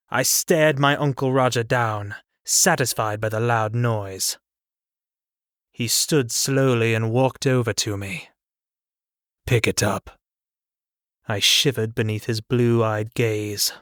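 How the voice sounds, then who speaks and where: Slow, dry-voiced male audiobook narrator. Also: medium pitch, dry recording. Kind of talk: first-person audiobook narration. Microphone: studio microphone, dry.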